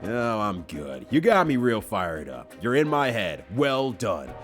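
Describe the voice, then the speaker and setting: A man's voice: fairly low pitch, sing-song, measured pace, soft background music. A man voicing an angry, defiant male hero who curtly brushes off a villain's threats.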